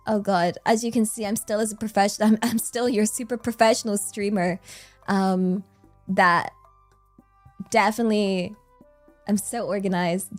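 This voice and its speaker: A bubbly, giggly woman from the United States chatting casually as a live streamer from home on a good microphone, dropping in Japanese words. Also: medium pitch. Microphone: good desk microphone.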